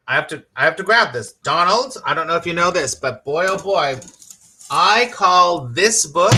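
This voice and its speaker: A man's voice: fairly high pitch, pushed and bright, slightly rough. A middle-aged man, a spiritual teacher, teaching on a live stream with enthusiasm, repeating his points and quizzing viewers by name.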